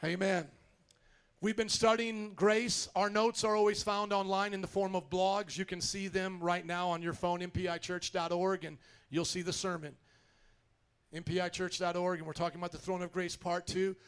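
A man preaching a sermon as pastor in a church, animated and calling out to the congregation for responses. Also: sits high, moderate pace, clear, resonant tone.

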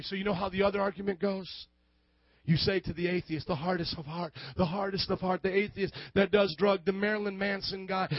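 A man preaching a sermon with fervor, acting out both sides of arguments and building to shouts. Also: high voice, no echo, dull audio.

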